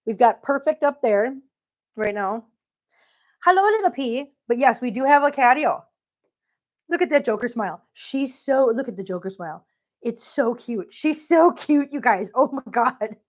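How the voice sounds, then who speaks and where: A woman vlogger walking around her home with a handheld phone, chatting casually and cooing at her cats in affectionate baby talk, laughing often. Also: on the high side. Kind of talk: casual live-stream chat. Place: home living room and outdoor catio.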